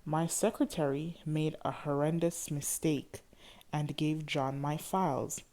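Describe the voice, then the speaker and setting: A woman reading as a low, slow apologetic man. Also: steady tone. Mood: explaining. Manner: soft, pleading delivery. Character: adult man, apologetic and tender lover.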